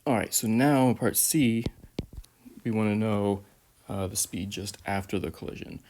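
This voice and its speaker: A man's voice: on the low side, normal speed, darkish tone, a little hiss or hum. A man working through a physics exam problem step by step, explaining in a methodical teaching manner. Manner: methodical, explanatory, frequent "uh" and "all right". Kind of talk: whiteboard lesson walkthrough.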